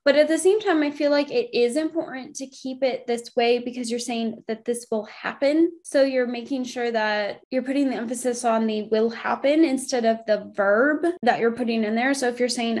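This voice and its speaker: A young woman with a fairly high voice explains a spiritual study lesson in a relaxed, conversational way. She thinks out loud as she goes, rewording her sentences with plenty of "um"s and self-corrections. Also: moderate pace, few pauses. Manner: thinks aloud, rephrasing with frequent "um" and self-corrections. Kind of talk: informal workbook lesson walkthrough.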